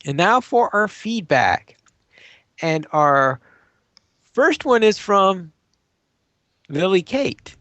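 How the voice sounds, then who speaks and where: A man's voice: high-pitched, sing-song, drawn-out words, long pauses, a bit bright, no echo. A man hosting a gaming podcast, steering segments with formal phrasing. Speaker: podcast host. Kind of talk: casual podcast chat.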